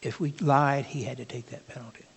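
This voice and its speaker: A man preaching a sermon in a conversational, halting way, with asides to the congregation. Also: mid-range voice, fairly even intonation, gravelly, slightly rough, big-room sound.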